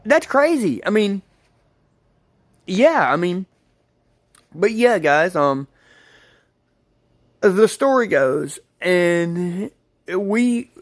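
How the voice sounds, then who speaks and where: A man's voice: fairly high pitch, no room sound, clean studio sound. A man telling a rambling story to his viewers, repeating himself and calling them guys. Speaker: vlogger. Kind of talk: casual storytelling to camera.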